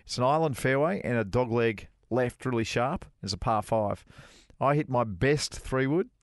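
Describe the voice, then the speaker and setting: A middle-aged man spins a lively yarn on a casual radio chat show, jumping into other people's voices as he quotes them. His voice sits at an ordinary pitch and sounds dry and close, with no room around it. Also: normal speed, dry recording. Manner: animated anecdote-teller, voices other people. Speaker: co-host, former touring golf pro.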